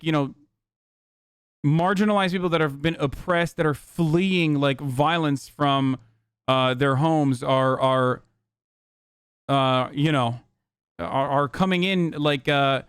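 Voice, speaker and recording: A man's voice: on the high side, clean tone, no echo. Profane, sarcastic male streamer. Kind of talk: heated reaction commentary.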